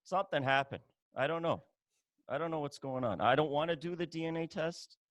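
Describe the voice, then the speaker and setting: Joking podcast guest from Iran. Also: male voice, on the high side, fairly quick, fairly bright tone, no room sound. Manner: joking, mock-indignant banter. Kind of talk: casual chat.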